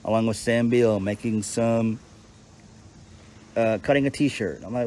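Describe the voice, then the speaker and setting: A man's voice: fairly low pitch, steady tone, a little slow, darkish tone, slight background noise. A man giving a casual, unscripted recap as a reviewer, blunt and profane, often restarting his sentences. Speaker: wrestling show reviewer.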